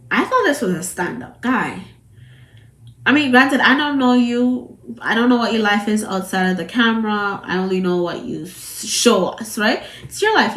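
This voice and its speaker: A woman's voice: mid-range voice, a bit bright. Chatty Jamaican woman, echoey room. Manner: chatty, rambling, repeats herself. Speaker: vlogger. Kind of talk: casual commentary to camera. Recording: roomy echo.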